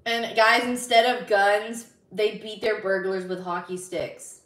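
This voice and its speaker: A woman's voice: mid-range voice, steady tone, measured pace, fairly bright tone, far from the mic. A woman live streamer in casual chat, bubbly and giggly as she reads viewer messages aloud. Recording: roomy sound, slightly off-mic.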